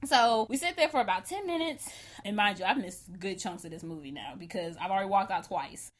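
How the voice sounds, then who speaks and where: A woman co-hosting a podcast, telling a story in a lively, animated way, laughing often and acting out what people said. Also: mid-range voice, a little fast. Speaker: podcast co-host. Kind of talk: casual storytelling chat.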